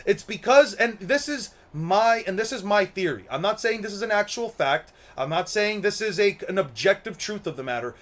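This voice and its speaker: A young anime commentary host speaks at a normal speed with almost no pauses, his high-pitched voice expressive and a touch bright. It's a casual rant of his opinions, meandering, repetitive and laced with profanity.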